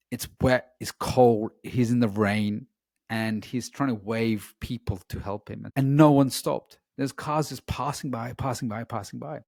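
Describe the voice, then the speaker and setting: A man's voice: medium pitch, gravelly, no echo, studio quality. A man, a coach being interviewed, telling a personal story in an earnest, reflective way with many "you know" fillers.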